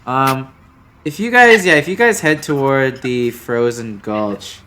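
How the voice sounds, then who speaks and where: A man's voice: mid-range voice, unhurried, noisy background. A man narrating a tabletop game as game master, casual and full of fillers. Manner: casual, filler-heavy, easygoing.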